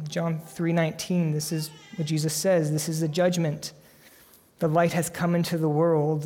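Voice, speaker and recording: A pastor delivering a sermon in a somewhat high voice, his words ringing out with a long reverb as in a church sanctuary. He preaches earnestly, building to emphatic peaks before dropping to soft, hushed lines.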